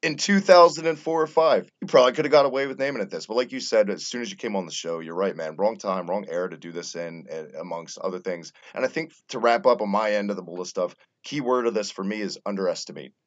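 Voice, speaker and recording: Low voiced podcast host guy, animated and sweary, kinda muffled lo-fi audio. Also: fast, hardly any pauses. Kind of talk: casual wrestling podcast chat. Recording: dull lo-fi audio.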